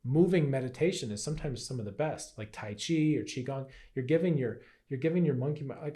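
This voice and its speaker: Male wellness teacher, warm mellow tone, chatty delivery, keeps checking in with "right?", sometimes acts out inner voices. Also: mid-range voice, a little fast, hardly any pauses. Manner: conversational, keeps asking "right?". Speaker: health and Qigong teacher. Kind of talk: casual teaching talk to camera.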